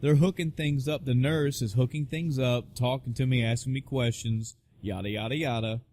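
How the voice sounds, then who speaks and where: Profane, animated man telling a story. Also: mid-range voice, moderate pace. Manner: profane, animated storyteller acting out quoted voices. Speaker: podcast co-host. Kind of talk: casual storytelling chat.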